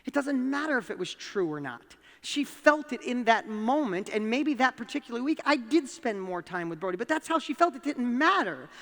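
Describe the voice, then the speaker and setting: A man with a New York accent tells a personal story on stage, his voice rising sharply with emphasis. He speaks in a fairly high register for a man. A long hall reverb trails each phrase. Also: moderate pace, hardly any pauses. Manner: animated storytelling, emphatic rises. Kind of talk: motivational talk.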